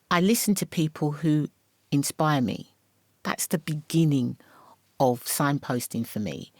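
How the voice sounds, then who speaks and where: A middle-aged English woman, a podcast guest, talking in a lively, storytelling way and acting out the voices she quotes. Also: deep voice, no room sound. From England. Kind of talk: casual interview chat.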